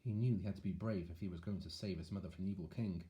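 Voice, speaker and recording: With a deep voice and a racing pace, a man reads a picture book aloud to children. He's an animated storyteller who breaks off for chatty asides to his young listeners.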